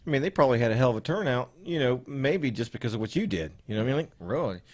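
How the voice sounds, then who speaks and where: A man's voice: medium pitch, expressive, rapid-fire. A man co-hosting a casual podcast, teasing and eager. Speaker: podcast co-host. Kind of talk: casual chat.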